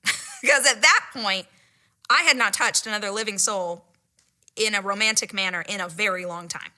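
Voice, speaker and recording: A middle-aged woman excitedly retelling a personal story, breathless and giddy, sometimes dropping into whispered asides. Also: medium pitch, normal speed. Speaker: podcast host retelling a date story.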